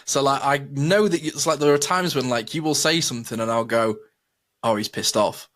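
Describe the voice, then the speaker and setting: An animated man chatting on a podcast at a middle pitch. He acts out quoted lines as he tells his stories. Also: fairly quick. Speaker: podcast co-host. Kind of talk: casual chat.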